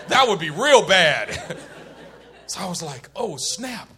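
A man preaching a sermon, shifting between loud emphasis and quiet intensity, and laughing as he tells a personal story. He grew up in Oakland, California. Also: high voice, very animated, slow pace.

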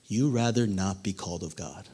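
Preaching at a normal pace, this man has a low voice with a dark tone. His sermon is dramatic, full of acted-out quotations and questions aimed at the listeners.

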